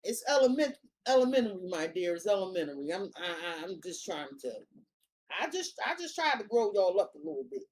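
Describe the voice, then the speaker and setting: A woman's voice: lowish voice, sing-song, a little fast, a little mellow, slight background noise. A woman giving a casual tarot reading, talking bluntly with heavy slang and swearing. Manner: blunt, profane, slangy and emphatic. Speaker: tarot reader.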